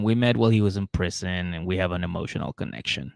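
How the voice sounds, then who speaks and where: A man with a gravelly edge to his voice, recapping a show casually on a podcast. He rambles, repeats himself and jumps into acting out scenes. The recording is close and dry. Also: on the low side, expressive, fairly quick, hardly any pauses, darkish tone, no room sound. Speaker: podcast co-host.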